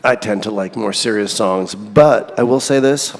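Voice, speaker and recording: A man's voice: fairly low pitch, normal speed. Candid rambling man in a reverberant room. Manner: candid, rambling, self-deprecating, laughs often. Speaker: songwriter guest. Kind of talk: casual interview.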